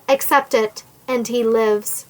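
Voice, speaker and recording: A cold, sneering nobleman bent on revenge, read by a woman with a fairly high voice. He threatens and taunts in stately old-fashioned phrasing, delivered slowly and deliberately. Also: fairly even intonation, poor audio. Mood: menacing. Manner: sneering, menacing, archaic formal speech. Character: scheming, vengeful nobleman threatening a captive woman.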